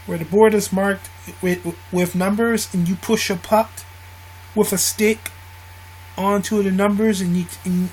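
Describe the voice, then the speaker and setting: A streamer reacting to a game show, slowly calling out answers and explaining the game. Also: medium pitch, a little hiss or hum, low-quality recording. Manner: slow, explaining, chiming in with answers. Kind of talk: casual reaction commentary.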